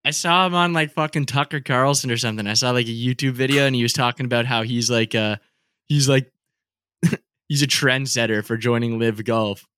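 A man's voice: mid-range voice, a little fast, clear, resonant tone, dry recording. A man co-hosting a casual podcast, rambling loosely with lots of fillers and laughs. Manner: relaxed, heavy use of "like", laughs often. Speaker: podcast co-host. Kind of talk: casual chat.

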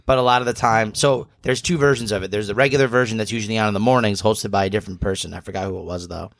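Rambling low-voiced male co-host. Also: fairly even intonation, rapid-fire, no echo. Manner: rambling, hesitant, many fillers. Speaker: podcast co-host. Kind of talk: casual chat.

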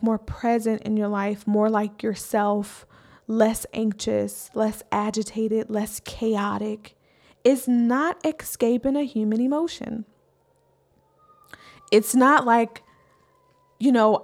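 Earnest woman therapist, higher voice. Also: a little mellow. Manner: earnest, often adds "right?". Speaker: therapist and podcast host. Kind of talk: conversational podcast talk.

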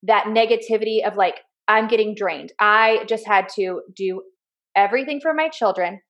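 A woman in her thirties co-hosting a casual podcast, telling animated stories and acting out her kids' voices. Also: medium pitch, moderate pace, highs cut off. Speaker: podcast co-host. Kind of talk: casual chat.

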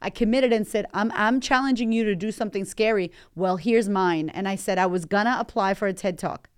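A woman's voice: mid-range voice, a little fast, clear, resonant tone. A woman hosting a motivational podcast, talking with candid energy and swearing freely. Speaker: podcast host and life coach.

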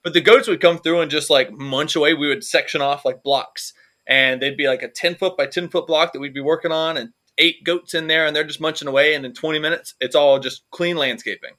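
A man co-hosts a comedy podcast, rambling through jokes and swearing freely in casual chat. His voice is a little high, steady in tone, and a little fast, sounding pushed and bright.

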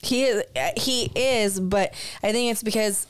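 A woman's voice: medium pitch, unhurried, clean tone, dry recording. A woman co-hosting a casual podcast, telling a story in a sarcastic, laughing way. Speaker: podcast co-host.

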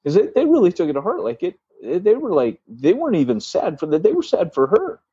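Dry, low-fi man telling a story. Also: fairly quick, husky, no room sound, highs cut off. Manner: animated storyteller, frequent restarts, acts out quoted dialogue. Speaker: church planter podcast co-host. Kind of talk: casual storytelling chat.

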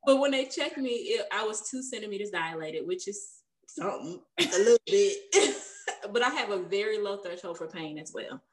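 A woman's voice: mid-range voice, lively intonation, moderate pace. A young adult woman telling a personal story in casual conversation, chatty and laughing often between sentences.

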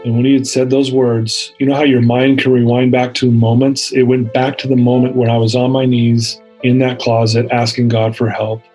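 A man's voice: mid-range voice, flat delivery, moderate pace, few pauses, darkish tone, faint music behind, rough recording. A man in his fifties sharing his personal story as an interview guest, earnest and vivid, acting out the dialogue he quotes.

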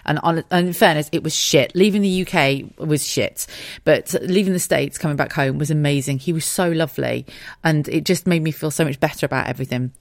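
A woman hosting her own podcast, telling a personal story at home in a frank, animated and sweary way. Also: sits low, brisk, dry recording, studio quality. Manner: frank, sweary and animated, acts out quoted voices. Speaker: podcast host. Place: home, dogs audible nearby.

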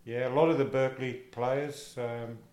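An older man with a relaxed Australian accent spins yarns about his playing days, pausing often on fillers. His voice sits at an ordinary pitch. The room has a noticeable echo. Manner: casual, anecdotal, halting with fillers. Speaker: interviewee, former soccer player. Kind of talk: oral history interview. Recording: echoey room.

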